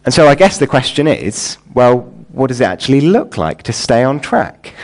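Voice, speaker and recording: A man's voice: mid-range voice, very animated, normal speed, darkish tone. A man preaching in a church, praying and then explaining a passage, building to earnest emphasis on key lines. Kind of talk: sermon with prayer.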